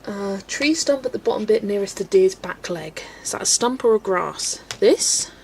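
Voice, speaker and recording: With an animated, mid-range voice at normal speed, touched by vocal fry and a little mellowness, a woman hosts a colouring livestream. She reads live comments, chats casually, and laughs often, and faint background noise can be heard.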